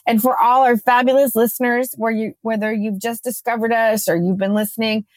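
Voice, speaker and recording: A woman co-hosting a podcast, chatting casually and telling a lively story, acting out her own quotes. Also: fairly high pitch, fairly quick, dry recording. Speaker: podcast co-host.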